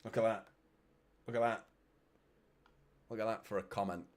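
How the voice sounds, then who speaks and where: A man's voice: fairly low pitch, fairly even intonation, normal speed. A man with a Manchester accent hosting a live football watchalong, chatting casually, swearing and reading out viewer comments. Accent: Mancunian. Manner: chatty, swears, reads out comments, frequent "mate" and "do you know what I mean". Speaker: fan channel host.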